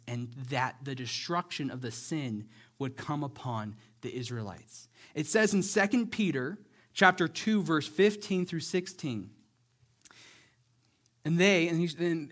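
Animated preacher, man with higher voice. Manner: animated storyteller, acts out characters' lines; conversational, checks in with "right?". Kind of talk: sermon, Bible storytelling.

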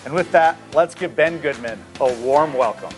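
A man's voice: on the high side, normal speed, soft background music. Upbeat church announcements man.

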